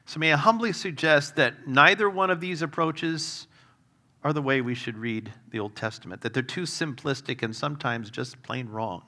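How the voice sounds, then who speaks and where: Here a guest preacher speaks at medium pitch and a moderate pace, keeping his sermon relaxed and funny. Expect humorous stories, fillers, wry jokes at his own expense, and volume that varies.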